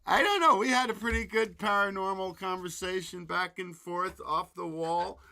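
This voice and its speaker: A man's voice: high voice, normal speed, gravelly, sharp tone. A man hosting his podcast, chatting loosely, telling a joke and swearing freely. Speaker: podcast host. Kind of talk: casual chat and joke telling.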